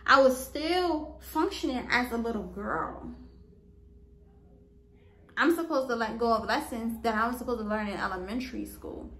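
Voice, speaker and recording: Woman on her podcast, earnest and repetitive like a preacher, higher voice, roomy echo. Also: normal speed, fairly bright tone. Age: adult, past high school. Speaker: podcast host. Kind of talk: personal faith talk on forgiveness.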